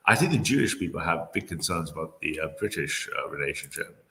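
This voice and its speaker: Man, very low voice, bright tone, rambling commentator, lots of fillers. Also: very animated, a little fast. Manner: rambling, many fillers and restarts. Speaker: commentator reviewing a debate. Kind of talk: casual spoken commentary.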